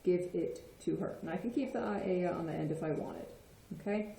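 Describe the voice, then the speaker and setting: A woman's voice: lowish voice, moderate pace, vocal fry, dark tone. A woman explaining Spanish grammar in a patient lesson, often checking in with "okay?". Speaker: Spanish teacher. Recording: echoey room.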